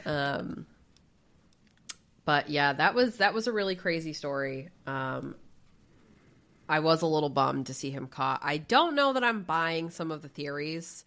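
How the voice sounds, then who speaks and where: A woman co-hosting a podcast, telling stories in a chatty, animated way. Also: low voice, measured pace, long pauses. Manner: chatty, animated storytelling, frequent fillers and swearing. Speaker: podcast co-host. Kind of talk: casual chat.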